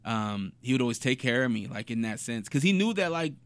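A man's voice: mid-range voice, animated, fairly quick, smooth, no echo. A man from Portland chatting casually, telling stories in a laid-back, slangy way. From Portland, USA. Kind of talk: casual chat.

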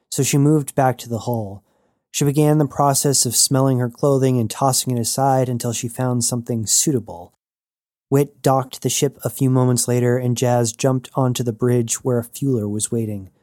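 A mellow male narrator reads a scripted audiobook passage in a mid-range voice. The recording is dry and studio quality.

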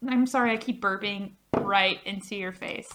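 A woman's voice: medium pitch, fairly even intonation, moderate pace, a bit bright, a little hiss or hum. A woman co-hosting a casual beer-tasting podcast, chatty and laughing, swearing now and then. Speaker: podcast co-host.

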